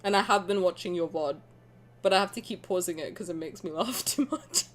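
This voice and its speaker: A woman streaming a game, chatting in an excitable, laughing way that bursts into yells. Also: on the low side, brisk, a little hiss or hum. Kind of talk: excited casual reaction stream chat.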